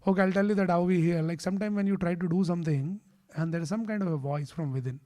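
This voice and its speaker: A man delivers a scripture class in a temple hall. His voice sits a little high and sounds warm and mellow. He teaches in a patient, explaining way and now and then questions the audience directly. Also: fairly even intonation, brisk. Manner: chants Sanskrit verses. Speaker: temple speaker.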